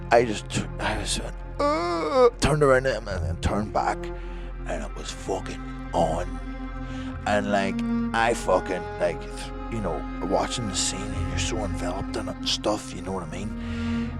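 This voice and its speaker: A man in his thirties, a guest telling a sweary, excitable story and acting out what others said. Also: on the low side. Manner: sweary, excitable, acts out other people's lines. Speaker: guest, former film extra. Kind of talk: animated storytelling.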